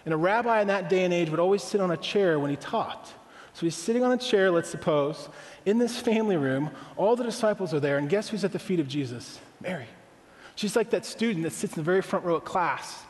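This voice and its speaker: High-voiced preaching man in a hall. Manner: conversational preaching with rhetorical questions. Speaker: pastor. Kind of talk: sermon.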